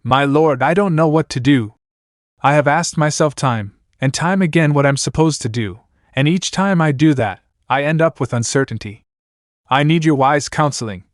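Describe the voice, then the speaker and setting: Earnest young exorcist guy, pleading, a bit higher voice, as the reader puts him on. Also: normal speed, dry recording, studio quality, lightly acted. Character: devout young male exorcist, anguished.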